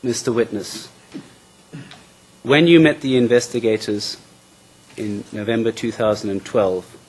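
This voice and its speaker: A man's voice: fairly low pitch, fairly even intonation, unhurried, breathy edge. A man acting as prosecution counsel in court, formal, often repeating words as he begins. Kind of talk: courtroom questioning.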